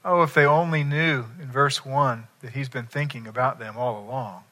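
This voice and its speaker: A man's voice: mid-range voice, steady tone, moderate pace, sharp tone. A man preaching a sermon, emphatic and asking his listeners questions. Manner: emphatic, asks the congregation questions. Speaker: pastor.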